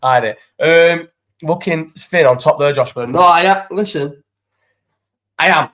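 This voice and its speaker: A man's voice: fairly high pitch, unhurried, fairly bright tone. A young man hosting a casual live chat into his phone, sweary and rambling as he banters with viewers' comments. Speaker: live stream host.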